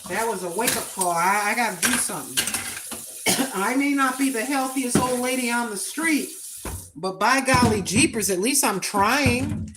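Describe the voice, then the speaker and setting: A woman in her sixties hosting a cooking livestream, chatting in a folksy way and repeating her points slowly for emphasis. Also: fairly high pitch, noisy background. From United States. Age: 60s. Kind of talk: casual livestream chat.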